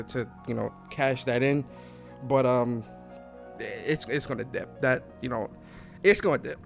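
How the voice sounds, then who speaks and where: A man hosting a casual livestream podcast, animated, repeating himself and greeting the chat. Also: medium pitch, gravelly. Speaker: podcast host.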